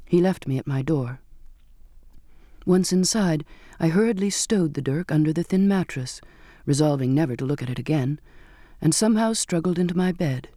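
Mellow, fairly high male audiobook narrator. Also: lively intonation, normal speed, dry recording, studio quality. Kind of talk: first-person audiobook narration.

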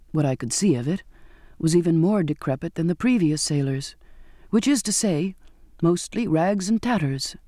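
A woman narrating a first-person audiobook in a measured, descriptive storytelling manner, recorded close in a studio booth. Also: on the low side, mellow, no echo.

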